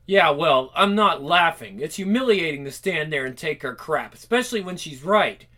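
Man voicing a needy whiny boyfriend, comic read aloud, begging, high and lively. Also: moderate pace. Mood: indignant. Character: needy, pleading young boyfriend.

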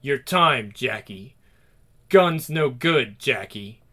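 A man voicing a deep, menacing male demonic spirit that speaks slowly and temptingly in a hush. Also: expressive, full character voice. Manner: slow, hushed, tempting.

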